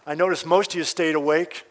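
A man leads a prophecy seminar as a fervent, emphatic preacher who keeps asking his listeners direct questions. His voice sits somewhat high. A long reverb trails each phrase through a large church hall. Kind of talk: sermon.

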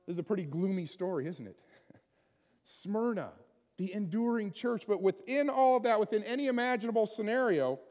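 A man's voice: high voice, lively intonation, a little fast, darkish tone, in a large hall. A man preaching a sermon in a conversational way, often putting questions to his listeners. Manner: conversational, asks the congregation many questions. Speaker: pastor.

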